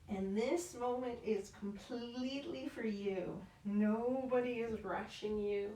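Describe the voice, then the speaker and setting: A woman leading a yoga class in a calm, encouraging way, often checking in with "right?". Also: on the high side, takes it slowly, slight background noise. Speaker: yoga instructor. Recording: roomy echo, mic at a distance.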